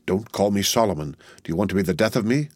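Man playing a furtive irritable man, curt, hushed, low voice, dry sound. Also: lively intonation, moderate pace, dry recording, close to an everyday voice.

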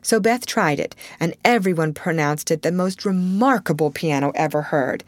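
A woman reading a classic novel aloud as an audiobook narrator, in measured storytelling. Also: low voice, dry recording. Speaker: audiobook reader. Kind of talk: scripted narration.

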